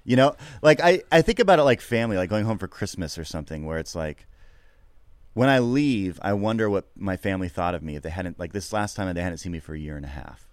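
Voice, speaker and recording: A middle-aged man, a comedian, talking candidly and reflectively in an interview, swearing freely and getting animated at times. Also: deep voice, fast, no echo, clean studio sound. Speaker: podcast guest, comedian.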